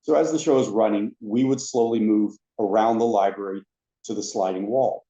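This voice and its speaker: A man telling anecdotes as a podcast guest, a lively storyteller who acts out the other people in his stories. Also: fairly low pitch, moderate pace. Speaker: podcast guest, former theme park ride attendant. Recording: roomy, dull lo-fi sound.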